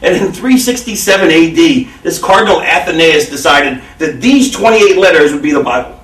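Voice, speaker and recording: Rambling high-voiced man in a roomy space. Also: expressive, brisk, fairly bright tone. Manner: rambling, full of fillers and restarts. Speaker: interviewee. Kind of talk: casual chat. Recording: roomy sound from a distant mic.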